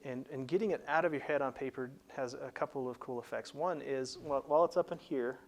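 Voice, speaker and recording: A man's voice: medium pitch, quick pace. A man hosting a career advice show, explaining plainly in a conversational teaching style with frequent restarts. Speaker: career coach host.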